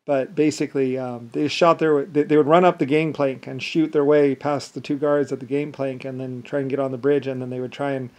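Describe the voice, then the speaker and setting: Guy rambling on and on, keeps restarting, lots of like and anyway, mid-pitched voice. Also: level tone, a little mellow. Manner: meandering, halting, frequent restarts and repeated fillers. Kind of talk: rambling monologue.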